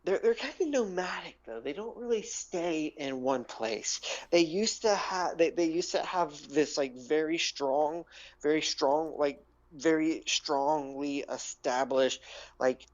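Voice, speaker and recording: A man voicing a boastful, rambling male deep gnome who talks in a gruff, slangy drawl, on a dull lo-fi recording. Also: a little slow, natural voice.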